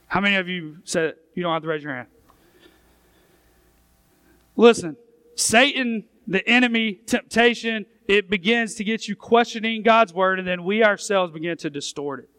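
Pastor, male, very high voice, smooth tone, emphatic sermon delivery, dry close sound. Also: brisk, bright, forceful tone, dry recording. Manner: emphatic preaching, reads scripture aloud, voices the questioning crowd.

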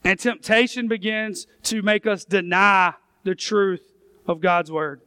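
High, smooth-voiced preaching man. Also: fairly even intonation, slow, sharp tone, no echo. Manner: emphatic preaching, reads scripture aloud, voices the questioning crowd. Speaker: pastor. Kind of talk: sermon.

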